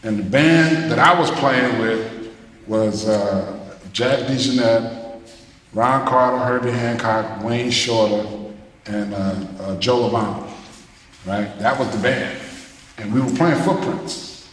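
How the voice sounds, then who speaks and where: A man, a jazz musician, talking to students in a loose, animated way, scatting rhythms as he tells stories. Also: medium pitch, takes it slowly, pauses often. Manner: animated, scats rhythms, loose casual phrasing. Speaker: jazz musician giving a masterclass. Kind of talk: storytelling talk to students. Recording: echoey hall with long reverb, faint noise.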